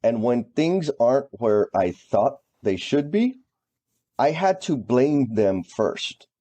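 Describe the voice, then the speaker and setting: A man's voice: mid-range voice, very animated, slow pace, mellow. A man co-hosting a podcast, talking casually and reflectively. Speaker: podcast co-host. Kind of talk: casual chat.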